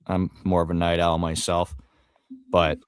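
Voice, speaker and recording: A man's voice: low-pitched, completely flat delivery, measured pace, clean tone, no room sound, studio quality. A man co-hosting a sports podcast, rambling casually with frequent fillers and the odd curse. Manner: rambling, profane, trails off with fillers. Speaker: podcast co-host.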